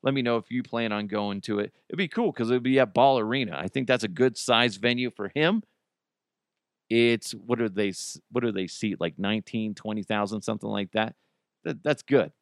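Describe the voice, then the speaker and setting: A man's voice: lowish voice, moderate pace, clean tone, no room sound, studio quality. Rambling joking male radio host. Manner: rambling, joking, self-correcting. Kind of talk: casual on-air chat.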